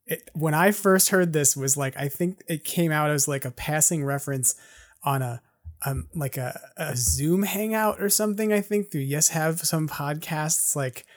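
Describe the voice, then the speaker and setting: Podcast host, mid-pitched, keen and chatty, quick to interject. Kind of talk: casual podcast chat.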